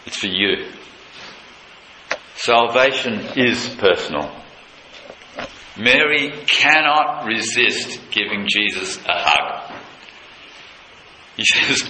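A male preacher giving a sermon, retelling a scene with passion, dropping low and quiet and then leaping high with excitement. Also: slow, long pauses. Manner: impassioned, leaps from low intimacy to high excited pitch. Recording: echoey room with faint noise.

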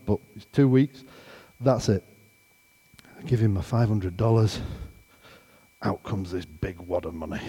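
A man giving an animated storytelling testimony, acting out the conversations as he goes. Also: medium pitch, in a large hall.

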